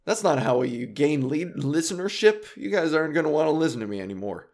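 A man's voice: on the high side, very animated, brisk, darkish tone. Solo comedy podcast host, man in his 30s, confessional and self-mocking, stumbling through restarts, still raw from crying. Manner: self-deprecating, rambling, with frequent restarts. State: emotional, recently cried.

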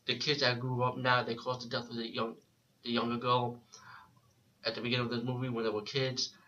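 A man talks through a film review in a loose, rambling way, stopping and restarting his sentences. His voice has a bright, forward edge. The recording sounds dull and lo-fi. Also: medium pitch, completely flat delivery, fairly quick. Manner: rambling, with frequent restarts and filler words. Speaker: movie reviewer. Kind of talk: casual spoken film review.

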